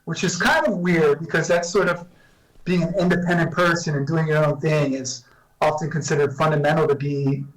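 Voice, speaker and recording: A man talking as a guest professor on a video call, measured and explanatory with frequent restarts. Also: on the high side, fairly even intonation, distant mic, rough recording. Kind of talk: remote interview answers.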